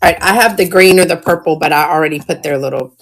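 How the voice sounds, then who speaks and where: A woman hosting a casual live-stream sale, chatty and excitable, greeting viewers by name. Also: sits low, fast talker, a little hiss or hum.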